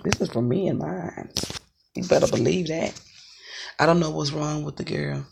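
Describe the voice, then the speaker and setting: A psychic reader on a live stream, ranting angrily in a profane, repetitive, confrontational way with a gravelly, husky voice. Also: medium pitch, normal speed, noisy background. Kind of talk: angry ranting monologue.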